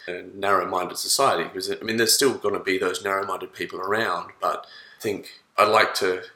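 A man's voice: low voice, steady tone, brisk, bright, forceful tone, reverberant, low-quality recording. A man, thinking aloud in a casual chat with restarts. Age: 30s. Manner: thoughtful, rambling with restarts.

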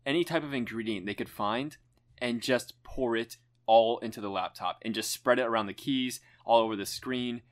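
A young man co-hosting a casual chat, relaxed, chiming in and retelling stories. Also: mid-range voice, normal speed. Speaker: podcast co-host.

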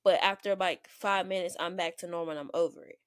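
Woman, Southern accent, podcast co-host, quick jumbled speech, dry close mic. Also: on the low side, steady tone, a bit bright, dry recording. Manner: fast-talking, words jumbling together. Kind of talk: casual chat.

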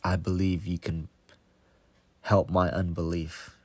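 A man's voice: low voice, level tone, takes it slowly, darkish tone. A man voicing an anxious father who pleads for help for his sick son in a storybook reading. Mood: pleading. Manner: pleading, distressed.

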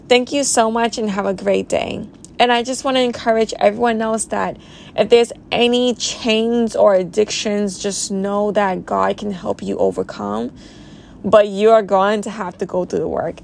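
A woman's voice: medium pitch, vocal fry, slight background noise. Earnest woman sharing faith testimony. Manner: earnest, emotional, reflective. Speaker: podcast host.

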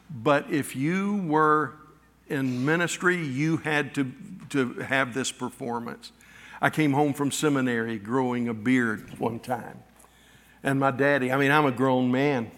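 A middle-aged male pastor preaching a sermon, telling personal stories with halting restarts and acted-out quotes. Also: medium pitch, a bit bright. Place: church sanctuary. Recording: long reverb of a church hall.

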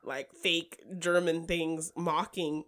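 A woman's voice: low voice, little pitch movement, slow, fairly bright tone. A woman chatting casually about films, giggling often and acting out characters' lines. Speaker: podcast co-host. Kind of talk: casual film discussion.

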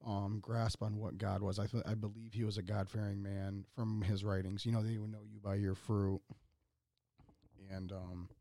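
Low, gravelly podcast guest. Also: male voice, flat delivery, mellow, dry recording, clean studio sound. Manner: earnest, halting, careful, lots of ums. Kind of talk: casual podcast chat.

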